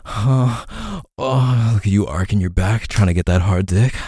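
Man, dominant and teasing, breathy moans between lines, husky voice, dry close recording. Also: deep voice, steady tone, quick pace, warm tone, no room sound. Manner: heavy moaning and breathy groans between phrases. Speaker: audio role-play performer. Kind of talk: intimate adult audio role-play.

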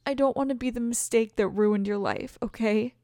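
A woman's voice: fairly high pitch, moderate pace, no room sound, studio quality. A woman playing a pregnant girlfriend, a former bully, tough on the outside and insecure underneath, in an audio role-play spoken straight to the listener. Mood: tearful. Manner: emotional, defensive then tender, soft confessional asides.

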